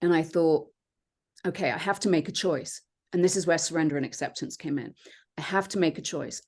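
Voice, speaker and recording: A woman, a podcast guest, telling her own story in an earnest, reflective way with many pauses and fillers. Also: deep voice, darkish tone, breathy edge. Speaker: podcast guest, transformation coach. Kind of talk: personal storytelling in conversation.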